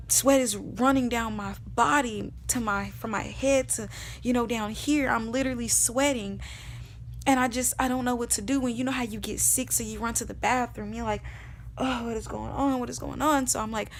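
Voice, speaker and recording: A young woman vlogging, telling a personal testimony in an earnest, emotional way, repeating phrases and sometimes dropping to a hush. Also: on the high side. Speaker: vlogger sharing her testimony. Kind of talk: personal storytelling.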